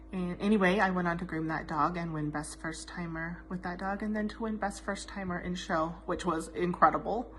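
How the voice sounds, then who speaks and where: A dog groomer telling a heartfelt, self-deprecating anecdote in a personal tribute message. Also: female voice, fairly low pitch, fairly bright tone, a little hiss or hum.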